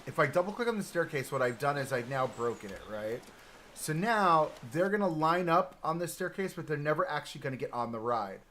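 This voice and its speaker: A man's voice: on the high side, animated, fairly quick, bright, forceful tone, a little hiss or hum. A man chatting casually on a live game stream, laughing often and explaining what he builds as he goes. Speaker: streamer building a theme park.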